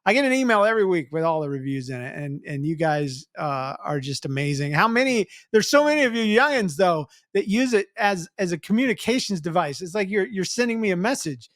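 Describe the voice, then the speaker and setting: A man's voice: high-pitched, expressive, fairly quick, hardly any pauses, a bit bright, dry recording, studio quality. A man hosting a podcast, chatty and teasing in casual comedic talk. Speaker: podcast host.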